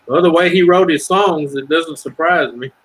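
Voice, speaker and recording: Middle-aged man, Southern US accent, husky, casual rambling livestream chatter. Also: a little high, moderate pace, a bit bright, low-quality recording. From Ohio. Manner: rambling, swears freely, breaks into singing lines. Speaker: livestream chat guest. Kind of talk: casual chat.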